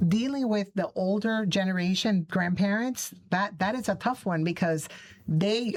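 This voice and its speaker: A woman's voice: medium pitch, moderate pace. Earnest woman speaking emphatically. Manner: earnest, emphatic, acts out dialogues. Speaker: community coalition guest. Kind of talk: interview talk.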